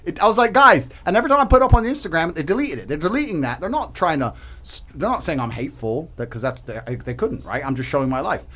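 A man's voice: big pitch swings, quick pace. A man ranting emphatically and profanely as a podcast guest in a heated debate. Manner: emphatic, ranting, profane, swings loud and high.

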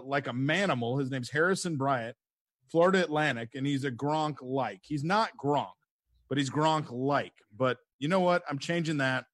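A man's voice: fairly high pitch, a bit bright, no room sound, clean studio sound. A man on a casual sports panel who talks playfully and throws in jokey nicknames.

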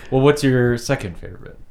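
A man chats about a film on a relaxed podcast. His pitch rises and falls a lot, and he is animated, hedging his points with fillers. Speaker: podcast co-host. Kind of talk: casual film discussion.

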